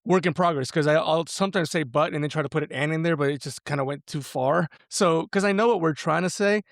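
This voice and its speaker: A man's voice: on the high side, fast, dry recording, clean studio sound. A man in his forties, a podcast guest talking earnestly and casually about raising daughters, with lots of "like" and "right?". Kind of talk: casual conversation.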